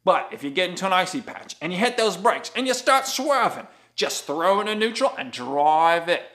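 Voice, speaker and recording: Jokey Appalachian man with a lively voice. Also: high-pitched, moderate pace. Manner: jokey, sprinkles mock Aussie slang. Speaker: vlogger giving road reports. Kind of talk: comedic driving-conditions vlog.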